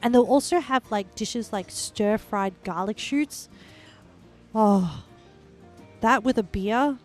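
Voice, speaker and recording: A woman's voice: a little high, takes it slowly, faint music behind. A young adult woman live-streaming a game, chatting casually and rambling with lots of filler words. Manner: bursts into excited squeals and laughs.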